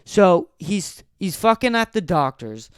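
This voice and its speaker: Young man ranting with profanity, smooth voice. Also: sits high, sing-song, a little slow, dry recording, studio quality. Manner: profane, angry storytelling. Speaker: podcast host. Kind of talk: solo podcast rant.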